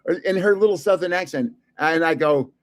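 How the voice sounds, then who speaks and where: A man's voice: on the high side, a little fast. Older man telling chuckling anecdotes. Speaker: card channel host. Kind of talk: casual storytelling chat.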